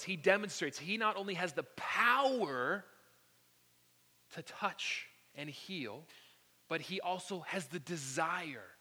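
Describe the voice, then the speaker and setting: Male pastor, bright forceful tone, dramatic storyteller who sinks to whispers, long hall echo. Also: mid-range voice. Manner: animated storytelling that drops to soft whispers. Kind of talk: sermon.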